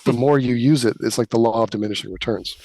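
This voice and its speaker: A man's voice: mid-range voice, fast talker, gravelly, a little mellow, no echo. A man from California with a Californian accent, chatting as an interview guest, talkative and wry, leaning on the word like. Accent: Californian American. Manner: talkative, opinionated, wry, says like often. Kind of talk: casual interview chat.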